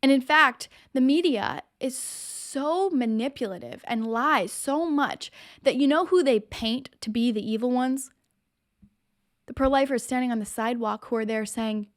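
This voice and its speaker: A woman's voice: fairly high pitch, normal speed. A woman hosting her own show, delivering impassioned, emphatic opinion commentary straight to the viewer. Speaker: show host.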